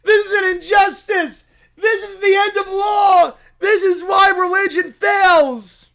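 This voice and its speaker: A man puts on a shrieking, self-righteous preacher of a pizza cult, whose high, bright voice leaps wildly up and down as he rants. He yells and wails with outrage in every breath, the voice of a comic improvised sketch. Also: lively intonation, takes it slowly, heavily acted. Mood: indignant. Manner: shrieking, indignant, ranting.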